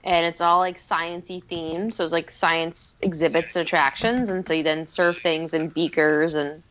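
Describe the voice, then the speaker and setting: A woman's voice: on the low side, fairly even intonation, moderate pace, fairly bright tone, muffled recording. Playful podcast lady, little background noise. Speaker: podcast co-host. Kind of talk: casual podcast chat.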